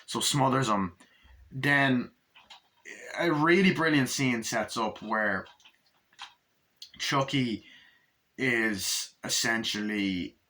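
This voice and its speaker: A man giving a casual movie review, retelling scenes in an animated way with lots of swearing and fillers. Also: mid-range voice.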